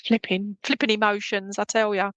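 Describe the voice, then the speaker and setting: A woman's voice: medium pitch, level tone, normal speed, a bit bright, no room sound, poor audio. A woman working as a spiritualist medium, giving a chatty, emotional reading at a church service and tagging her lines with "okay?". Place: church service, streamed online.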